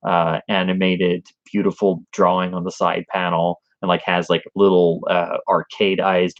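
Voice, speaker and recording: Enthusiastic low-voiced man chatting on a livestream. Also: no echo, highs cut off. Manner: enthusiastic, chatty film fan. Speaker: livestream host. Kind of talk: casual livestream chat about films.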